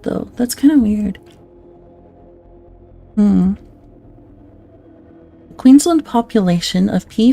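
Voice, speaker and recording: A woman streamer reads documents aloud in a relaxed way, stopping now and then for joking, swearing asides. Her voice is mellow and slightly gravelly, with faint music playing underneath. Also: mid-range voice. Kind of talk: casual reading aloud with asides.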